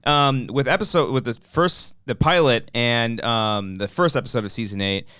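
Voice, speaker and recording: Male co-host, chatty and profane, clear voice, close dry mic. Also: medium pitch, normal speed, no echo. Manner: swears a lot, animated outbursts. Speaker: podcast co-host. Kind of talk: casual chat.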